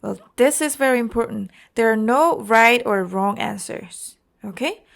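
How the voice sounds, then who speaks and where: A woman's voice: a little high, a little slow, creaky. A woman with a Korean accent teaching an IELTS exam-prep lesson, explaining carefully and often checking in with "okay?" and "you know".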